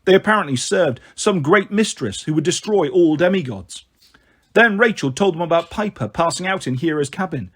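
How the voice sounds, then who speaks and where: A man reading a fantasy novel aloud as narration, slowing down for the verse lines. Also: on the high side, animated, fairly bright tone. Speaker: audiobook reader. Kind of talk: storybook narration with light character voices.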